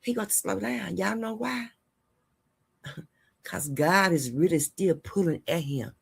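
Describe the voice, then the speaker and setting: Woman host, low voice, casual chatty vlog monologue, preachy and heartfelt. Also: expressive, measured pace, gravelly, slightly rough. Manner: chatty, rambling, addresses viewers as y'all; heartfelt and preachy, giving life advice. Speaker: host of a gossip and news channel.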